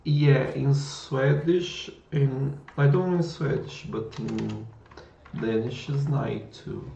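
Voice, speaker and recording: Slow gravelly man chatting on a livestream. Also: medium pitch, dark tone, a little hiss or hum. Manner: slow, musing, trying out words aloud. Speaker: livestream coding host. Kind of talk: casual livestream chat. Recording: echoey room, dull lo-fi sound.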